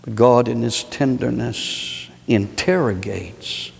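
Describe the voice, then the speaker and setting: Gravelly preacher in a reverberant hall. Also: male voice. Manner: swings from low, slow reflection to high, pleading rhetorical questions. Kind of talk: sermon.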